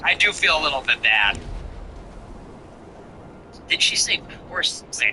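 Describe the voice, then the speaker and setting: A man's voice: fairly high pitch, sing-song, unhurried, background noise. A man hosting a solo political commentary show, sarcastic and mock-sympathetic, often breaking into laughter.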